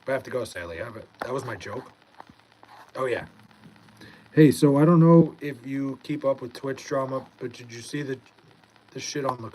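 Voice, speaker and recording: A young man from Long Island, high and laid-back, reading comments aloud in a casual livestream and swearing freely. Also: moderate pace, pauses often, darkish tone, low-quality recording. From Long Island, New York.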